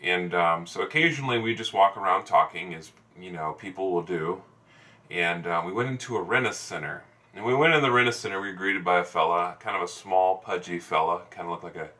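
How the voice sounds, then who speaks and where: A man's voice: low-pitched, fairly quick, bright, forceful tone, distant mic. A man in sales telling a story casually, rambling with many fillers and restarts. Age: adult, over ten years in sales. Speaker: salesman vlogger.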